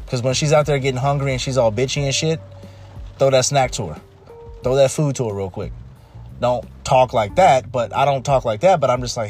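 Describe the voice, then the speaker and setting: A man's voice: medium pitch, lively intonation, normal speed, long pauses, a little mellow. A man in his thirties talking casually and emphatically, repeating himself and restarting phrases, with heavy rain heard behind him. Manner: emphatic, repetitive, restarts often. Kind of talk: casual monologue. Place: home during a rainstorm. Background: pouring rain, faint music.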